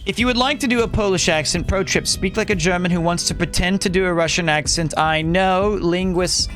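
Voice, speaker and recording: A man's voice: high-pitched, a little fast, fairly bright tone, faint music behind. A man streaming a video game, chatting casually and rambling as he answers his chat, often correcting himself. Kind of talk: casual live-stream chat while gaming.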